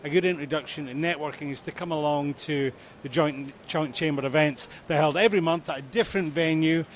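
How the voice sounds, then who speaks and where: A man's voice: on the high side, a little fast, a little hiss or hum. Joking man co-hosting outdoors. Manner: relaxed, joking. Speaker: co-host. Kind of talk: casual outdoor chat.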